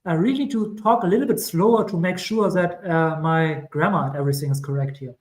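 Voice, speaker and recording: A crypto streamer with a German accent talks through a chart in a casual, rambling way, correcting himself and dropping chatty asides. His voice sits on the high side and moves a little fast. The recording is rough, with an echoey room.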